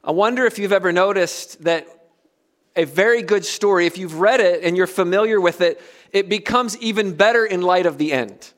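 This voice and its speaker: A middle-aged man from the United States preaching a sermon, earnest and emphatic, with soft dropped asides. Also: high-pitched, moderate pace. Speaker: pastor.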